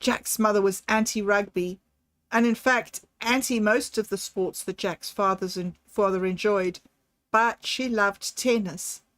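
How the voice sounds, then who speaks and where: At a medium pitch and with no echo, a female narrator delivers scripted narration of a novel for an audiobook. Her storytelling pace is slow and measured.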